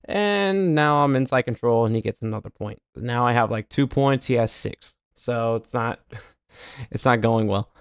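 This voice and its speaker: A man streaming casual commentary as he reviews his own match footage, explaining each move step by step, muttering quietly on asides and turning loud and heated over his own mistakes. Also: unhurried, creaky, clean tone, no echo, clean studio sound. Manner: drops to a low mutter on asides.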